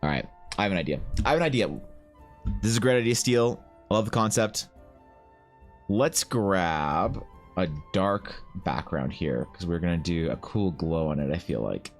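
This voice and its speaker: Young male streamer, low-ish voice, slightly rough, animated and profane, chatty banter. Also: moderate pace, soft background music. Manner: animated, swearing, bantering with chat. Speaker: art streamer. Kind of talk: casual live-stream chat.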